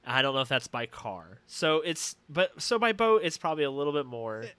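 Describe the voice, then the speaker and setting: A man with a bright, edgy tone and a slightly high voice recaps film scenes in casual podcast chat. He fills his talk with "like" and acts out the characters' lines. The recording is dry and close. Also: big pitch swings, a little fast, clean tone, dry recording. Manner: chatty, many fillers like "like", retells scenes. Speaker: podcast co-host. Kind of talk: casual movie review chat.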